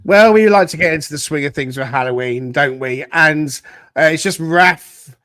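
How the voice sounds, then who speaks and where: Podcast host guy, a bit higher voice, spooky dramatic intro then fast chatty talk. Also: a bit bright, no echo. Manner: theatrical spooky narration, then quick and chatty. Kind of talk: dramatic scripted intro and casual chat. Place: Nottingham podcast studio.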